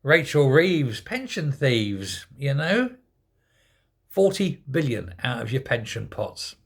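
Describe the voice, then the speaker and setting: A man's voice: medium pitch, big pitch swings, takes it slowly, vocal fry, husky. Scornful older man ranting. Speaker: political commentator. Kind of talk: opinion rant vlog.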